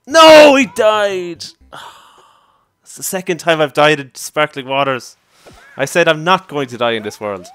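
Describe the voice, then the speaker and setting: Male let's-play commentator, excitable and quick to laugh, very animated pitch, mid-range voice. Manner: excitable, exclaiming and laughing at mishaps. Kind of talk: casual gameplay commentary.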